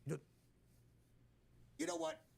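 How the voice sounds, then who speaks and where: A man hosting a podcast in casual chat, teasing his guest in an animated, rambling way. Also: unhurried. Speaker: podcast host.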